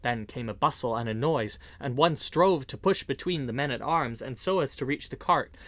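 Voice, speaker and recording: A man narrating an old-fashioned adventure story, reading it aloud in a measured, expressive way. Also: medium pitch, dry recording. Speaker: audiobook reader.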